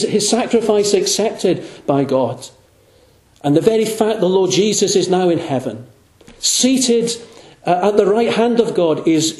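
A man preaching a sermon, earnest and emphatic. He slows right down and drops low on the words he wants to stress. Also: darkish tone. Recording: roomy echoing hall.

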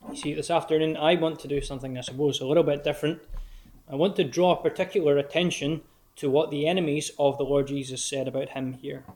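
A man preaches in a gospel hall, his voice sitting a touch high for a man. He speaks earnestly and directly to the listener. He slows down to read scripture with weight. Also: steady tone, darkish tone. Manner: earnest, direct address to the listener, slow emphatic scripture reading. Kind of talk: sermon.

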